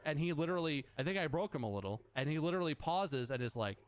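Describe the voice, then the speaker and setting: A man tells a story as a fired-up rant, with a voice a bit higher than most men's. He swears freely and voices every side of the conversation himself. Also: quick pace. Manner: animated, swears a lot, acts out both sides of the story. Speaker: streamer.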